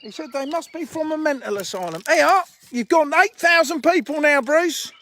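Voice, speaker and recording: Fishery owner on a live stream: man, high voice, jokey and teasing, chatting outdoors by the lakes. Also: lively intonation, moderate pace, pushed and bright. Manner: joking, teasing banter with viewers. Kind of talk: casual live-stream chat.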